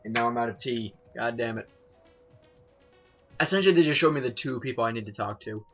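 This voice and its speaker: A man's voice: mid-range voice, a little fast, lo-fi sound, soft background music. A man casually commenting on a video game he is playing, rambling and self-mocking with lots of "like" and restarts. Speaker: let's play host.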